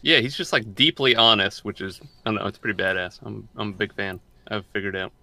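A man's voice: on the low side, fast talker, vocal fry, bright, forceful tone, dry recording. A young man co-hosting a podcast, chatting casually and rambling, often repeating and restarting his words. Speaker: podcast co-host.

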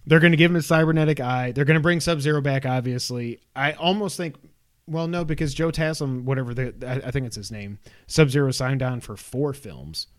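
Fast-talking animated man. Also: mid-range voice. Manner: animated, rambling, mimics lines from the film. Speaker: co-host reviewing a film. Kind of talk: casual chat.

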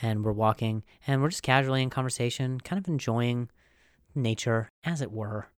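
A man's voice: medium pitch, moderate pace, clean tone, dry recording, clean studio sound. A man hosting a podcast who rambles through a comic story with lots of fillers and mocks himself. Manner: rambling, filler-heavy, self-mocking. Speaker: podcast host. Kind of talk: comedic storytelling.

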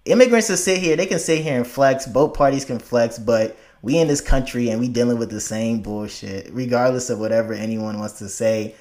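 A man from Africa, mid-range in pitch, talks briskly in a casual conversation with hardly any pauses. He's animated and emphatic, laughing a lot and frequently beginning his sentences again.

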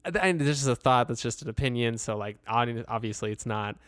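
Man, casual advice talk, earnest and rambling, crisp clear voice, mid pitch. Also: fairly quick, fairly bright tone, no room sound, clean studio sound. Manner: earnest and rambling, with frequent "like" fillers and laughs. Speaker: advice speaker.

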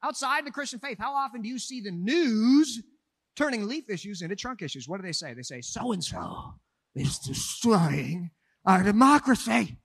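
A man from Minnesota, a pastor, preaching a sermon with animated, joking delivery that swings from quiet asides to shouts. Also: very high voice, fairly quick, no echo.

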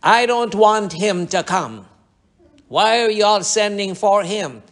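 A male preacher voicing a hostile spirit that speaks through a sick girl, protesting and insistent in a slightly raised, louder voice. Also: high voice, expressive, slow, voice pushed up, full character voice.

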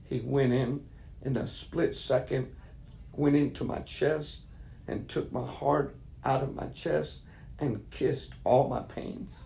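A man's voice: mid-range voice, creaky, warm tone. A man preacher telling his conversion testimony as a sermon, emotional storytelling that acts out the voices he heard. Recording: roomy echo.

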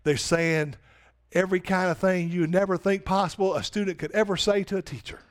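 A man's voice: high-pitched, fairly even intonation, fairly quick. A man pastor delivering a sermon in emphatic preaching that swells on repeated questions.

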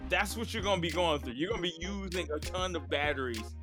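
A man hosting a podcast, talking in an animated, rambling way in casual chat. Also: high-pitched, fast talker, music in the background. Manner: animated, rambling, lots of fillers and laughs. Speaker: podcast host.

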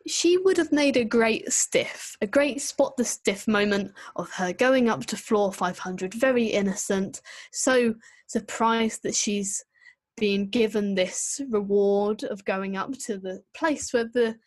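Woman, podcast co-host; opinionated, animated critique, mid-pitched, close dry mic. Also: slow, no room sound. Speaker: podcast co-host reviewing an episode. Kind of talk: casual chat.

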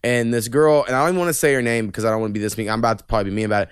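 Profane young man, crisp and dry. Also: mid-range voice, steady tone, racing, dry recording. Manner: profane, rambling storytelling. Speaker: podcast host. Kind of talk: casual podcast chat.

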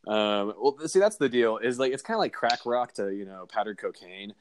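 A man's voice: fairly low pitch, animated, brisk. A man co-hosting a casual comedy chat, riffing in rambling jokes with fillers. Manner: joking, rambling riffs with fillers.

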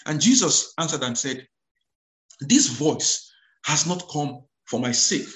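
A man preaching a sermon. He repeats words, restarts his phrases and calls out hallelujah, and he reads scripture aloud slowly and with weight. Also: fairly high pitch, animated, a bit bright, roomy sound.

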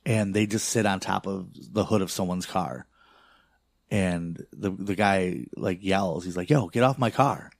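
Male, young adult, low-ish pitch, dry close mic; loose profane storyteller full of fillers. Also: unhurried, creaky, dry recording. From not from a big city. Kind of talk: casual chat.

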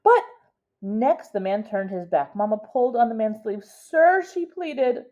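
Mellow woman reading a picture book aloud. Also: mid-range voice. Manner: pauses to explain words to a child. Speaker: reader to a child. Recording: dull lo-fi recording.

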